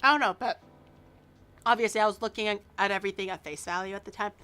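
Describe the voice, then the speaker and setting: A woman's voice: medium pitch, quick pace, pushed and bright, smooth, faint music behind. A woman in her early twenties with a Canadian accent, chatting casually and teasingly with viewers on a livestream, with lots of fillers. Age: early 20s. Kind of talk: casual chat reacting to viewers.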